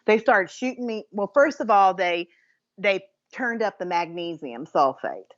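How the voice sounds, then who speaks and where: A woman co-hosting a chatty podcast, telling an animated story between laughs. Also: mid-range voice, measured pace. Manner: animated, laughing anecdote teller. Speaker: podcast co-host. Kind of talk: casual chat, storytelling. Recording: dull lo-fi sound.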